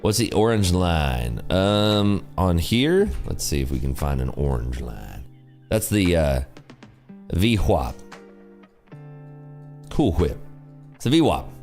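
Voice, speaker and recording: A very deep-voiced man hosts a trading livestream in loose, rambling chat, full of "like" and "you know". His pitch swings widely as he talks, and faint music plays behind him. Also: sing-song, slow, long pauses, a little mellow. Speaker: day-trading livestream host. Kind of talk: casual livestream commentary.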